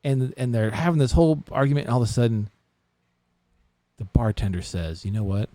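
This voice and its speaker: A man hosting a podcast, telling a long crude joke in a casual, animated way. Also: mid-range voice, brisk, no room sound. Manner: animated storyteller with crude humor. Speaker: podcast host.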